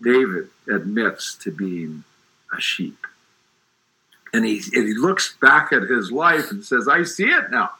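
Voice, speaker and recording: A man's voice: lowish voice, expressive, slow, bright, forceful tone, slightly rough, poor audio. A middle-aged man talking about faith in an emphatic, preacherly way, often restarting his sentences. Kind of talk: faith discussion.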